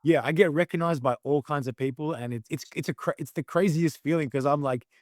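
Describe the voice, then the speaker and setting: A man's voice: a little high, brisk, dry recording, clean studio sound. A young Australian man, a guest on a podcast, telling stories in a loose, enthusiastic way full of fillers. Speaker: guest, competitive eater. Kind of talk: casual interview chat.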